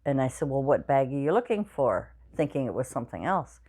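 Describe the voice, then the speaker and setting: A woman in her sixties with a notably low voice, chatting to her viewers from home. She rambles along in a loose, meandering way, full of "you know" and "um," and sounds tired, fighting back yawns. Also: sing-song, brisk, mellow, breathy edge. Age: 60s. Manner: rambling, chatty storytelling with many fillers. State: tired and yawning. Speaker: craft channel vlogger. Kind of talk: casual chat to viewers. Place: home craft room.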